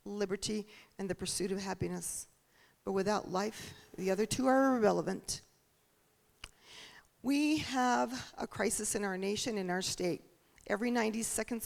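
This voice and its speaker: A woman's voice: mid-range voice, creaky. A woman candidate giving an earnest, preaching campaign speech with rhetorical questions. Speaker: political candidate. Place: church hall.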